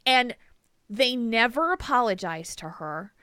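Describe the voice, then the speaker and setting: A woman hosting a podcast, telling a story in an animated, emphatic way and laughing often. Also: on the high side, a little slow, no echo. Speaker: podcast host. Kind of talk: casual chat, storytelling.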